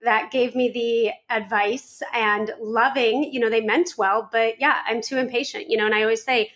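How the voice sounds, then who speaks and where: A woman's voice: a little high, steady tone, normal speed, a bit bright. A woman hosting a podcast, talking in a chatty, informal way full of fillers as she responds to her guest. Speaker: podcast host. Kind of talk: casual interview chat.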